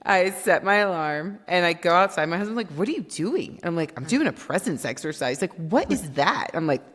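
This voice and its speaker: A woman guest on a podcast, telling her story in an animated way and acting out quoted dialogue. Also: fairly low pitch, a little fast. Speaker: guest, company founder. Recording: long reverb.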